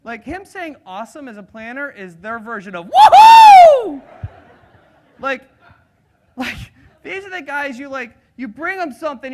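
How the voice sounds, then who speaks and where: A man giving a live sales seminar to an audience, energetic and engaging, acting out personality types as he talks. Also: very high-pitched. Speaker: sales trainer.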